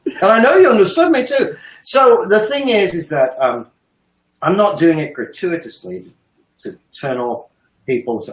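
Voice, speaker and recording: A man ranting profanely and emphatically about politics on a live stream, with sharp swings in pitch. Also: animated, moderate pace, roomy sound, low-quality recording. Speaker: economic analyst on a live stream.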